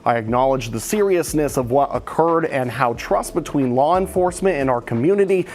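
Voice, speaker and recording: A man delivering a scripted local TV news report in a measured, formal way. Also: mid-range voice, lively intonation, a little mellow.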